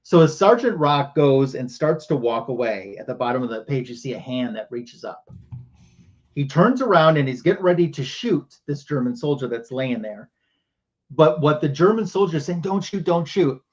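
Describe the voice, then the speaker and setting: A man's voice: medium pitch, animated, moderate pace, a little mellow, muffled recording. A man hosting a livestream who retells a comic book panel by panel. He talks casually and uses a lot of fillers. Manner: casual storytelling with many fillers. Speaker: show host.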